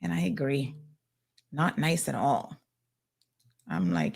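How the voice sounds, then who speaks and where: A woman hosting a casual local news chat, chatty and animated, full of asides and fillers. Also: very deep voice, slow, gravelly, slightly rough. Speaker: host.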